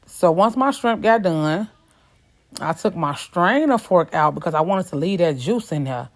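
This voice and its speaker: A woman's voice: fairly low pitch, animated, a little slow. A woman hosting a cooking video, talking casually over the footage, chatty and sassy, calling her viewers y'all.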